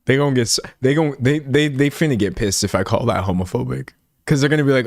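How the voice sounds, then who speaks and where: A man's voice: medium pitch, fast, no room sound, clean studio sound. A man hosting a sarcastic reaction commentary, mocking and casual, with slang and stumbling repeats. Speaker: commentary host.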